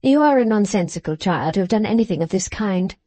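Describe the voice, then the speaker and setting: A woman's voice: mid-range voice, fairly quick, dry recording, close to an everyday voice. A woman reading a serene, dismissive mother. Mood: serenely dismissive. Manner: calm, dismissive, composed. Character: serene, distracted middle-aged mother.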